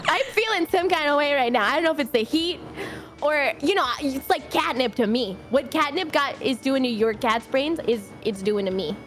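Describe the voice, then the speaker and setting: Woman, streamer, casual chat, theatrical, very lively pitch, faint music underneath. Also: unhurried. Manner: bubbly, giggly, theatrical.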